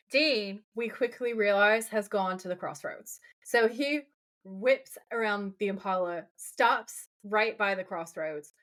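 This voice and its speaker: Woman co-host, animated fan chat, curses casually, acts out scenes. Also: mid-range voice. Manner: animated, swears freely, acts out quoted lines. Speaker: podcast co-host. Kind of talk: casual chat recapping a TV episode.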